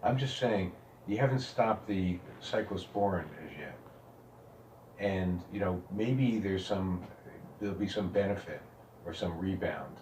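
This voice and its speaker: A male therapist with a very deep voice who talks in a measured, gently reassuring way. He sits well back from the microphone in an echoey room with faint noise behind him. His tone stays calm throughout. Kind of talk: calm counseling talk. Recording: roomy, distant mic, faint background noise.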